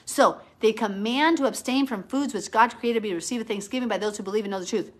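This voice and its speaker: Woman, live-stream Bible teacher, fervent and argumentative, slightly high voice. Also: fast. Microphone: phone or webcam, live stream.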